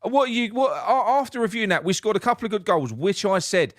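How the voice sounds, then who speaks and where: A man's voice: sits high, very animated, fairly quick, dry recording, clean studio sound. A man hosting a fan talk show, arguing heatedly and swearing often. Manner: swearing, argumentative, repeats names to interrupt. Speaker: show host. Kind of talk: heated casual chat.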